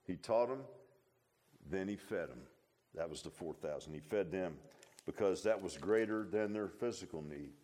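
A man's voice: low-pitched, lively intonation, moderate pace, warm tone. A middle-aged man preaching a sermon in a folksy, conversational way, full of asides to the congregation. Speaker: pastor.

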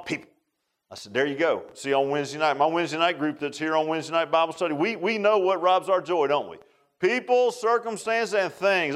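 A man teaching a Bible study class in a casual, folksy sermon style, often asking his listeners questions. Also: a little high.

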